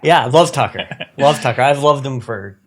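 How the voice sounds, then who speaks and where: A man co-hosting a casual podcast chat, an animated storyteller who slips into impressions. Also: medium pitch, moderate pace. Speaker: podcast co-host.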